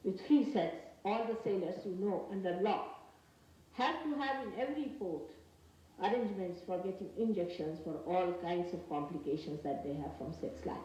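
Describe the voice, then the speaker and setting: A woman from India with an Indian English accent giving a spiritual lecture, earnest and emphatic, speaking in slow, halting phrases. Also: lowish voice, dark tone. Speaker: spiritual teacher. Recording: very echoey archival talk from a distance with faint noise.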